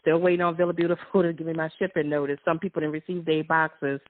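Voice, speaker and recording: A woman's voice: deep voice, flat delivery, fast. A woman co-hosting a casual talk show, rambling and giggling as she shares her week. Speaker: co-host. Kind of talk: casual chat. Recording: tinny phone-line sound.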